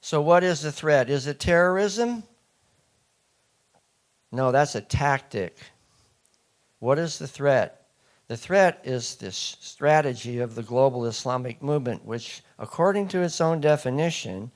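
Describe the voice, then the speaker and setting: A man's voice: mid-range voice, unhurried. A man giving a speech to a live audience, emphatic and asking the listeners one rhetorical question after another. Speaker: speaker.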